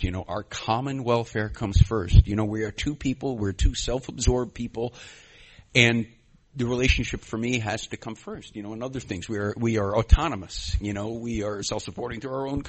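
A man giving a personal share at a recovery meeting, rambling and self-deprecating, with many fillers and sudden loud bursts. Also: mid-range voice. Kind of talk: personal share, conversational storytelling.

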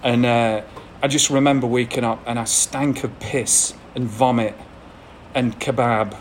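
Frank Englishman telling a rough story. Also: medium pitch, steady tone, unhurried, a little hiss or hum. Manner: frank, self-deprecating storytelling with frequent laughs. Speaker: speaker sharing a recovery story. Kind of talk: candid personal testimony to an audience.

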